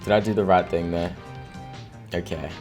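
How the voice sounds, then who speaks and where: A young man from Australia with a very low, deep voice chats loosely while he plays, tired and full of fillers. Faint game music sits quietly underneath him. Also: fairly even intonation, normal speed. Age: 20s. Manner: rambling, filler-heavy, laughs often. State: tired, no sleep. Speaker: gaming streamer. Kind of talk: casual gameplay commentary.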